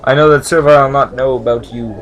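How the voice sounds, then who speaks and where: A man voicing a rough, dirty male servile who speaks in choppy broken grammar. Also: medium pitch, steady tone, a little fast, slight background noise, natural voice. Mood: earnest.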